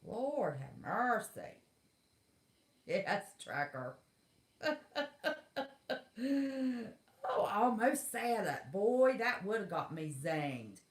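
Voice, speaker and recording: Speaking in a mid-range voice, this West Virginia livestream host is very animated, stretching out her words and leaving long pauses. The middle-aged woman rants casually to her viewers, blunt, folksy, and fed up. Her room has a noticeable echo.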